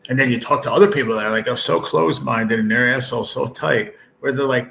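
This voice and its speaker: A man's voice: mid-range voice, fast talker, vocal fry, few pauses, a bit bright, a little hiss or hum, rough recording. A man in his late forties hosting a casual livestream chat from a hospital room, talking bluntly and rambling with heavy swearing. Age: 40s. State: ill with stage four cancer. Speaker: livestream host.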